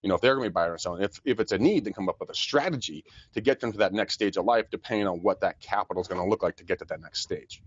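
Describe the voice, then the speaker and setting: A man co-hosting a casual podcast chat, talking fast with lots of repeated words and frequent laughs. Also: lowish voice, husky, lo-fi sound. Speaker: podcast co-host, real estate agent.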